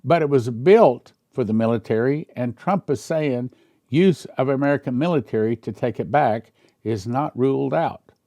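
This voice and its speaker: A man's voice: medium pitch, normal speed, warm tone, dry recording. A man who is a pastor, giving casual commentary in an emphatic way, with rhetorical questions and chuckling asides.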